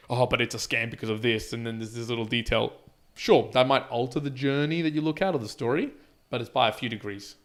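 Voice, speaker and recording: A man co-hosting a podcast in casual chat, making emphatic points and often restarting his words. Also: medium pitch. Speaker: podcast co-host.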